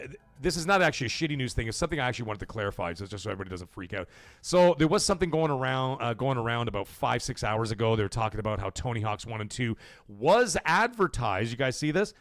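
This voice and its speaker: A man hosting a casual gaming news live stream, talking straight to his viewers, animated and loose with swearing. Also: medium pitch. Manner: animated, swearing, talks to chat and folks.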